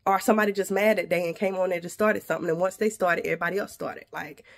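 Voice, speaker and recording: A woman's voice: lowish voice, fairly even intonation, quick pace, creaky. A woman vlogger, indignantly venting to her viewers. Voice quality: slight lisp from retainers. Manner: indignant, addresses viewers directly. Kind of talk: venting to camera.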